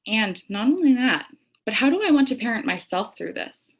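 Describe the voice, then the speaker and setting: A young woman talks through a spiritual lesson in a candid, conversational way. She moves between calm reflection and frank personal storytelling, with light self-mocking laughter and the odd casual curse. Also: a little high, normal speed, husky. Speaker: tarot and self-care host. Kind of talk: reflective spiritual talk to camera.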